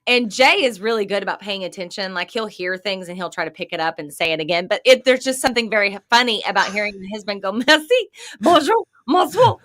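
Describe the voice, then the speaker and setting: A woman co-hosting a radio show, chatting and telling travel stories in an animated way, often laughing. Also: mid-range voice, quick pace, hardly any pauses. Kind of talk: casual chat.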